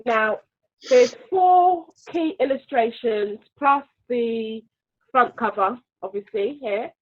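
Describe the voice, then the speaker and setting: A woman's voice: a little high, slow pace. Brief: bubbly woman host, laughs easily, tinny phone-like sound over a video call. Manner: bubbly, laughing, reads out comments. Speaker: host of a book launch. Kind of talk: live-stream interview hosting.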